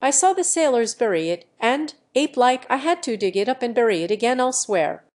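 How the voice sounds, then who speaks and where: Tarzan, a synthetic woman reading a calm jungle man. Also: fairly high pitch, a little fast, pitched above the performer's own voice. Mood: calm firm. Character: calm strong jungle-raised man, direct.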